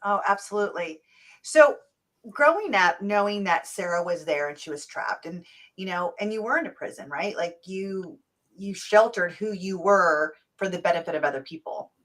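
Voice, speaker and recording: A middle-aged woman hosting a podcast, chatty and animated, acting out little quotes as she talks. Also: lowish voice, normal speed. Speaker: podcast host. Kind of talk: casual interview chat.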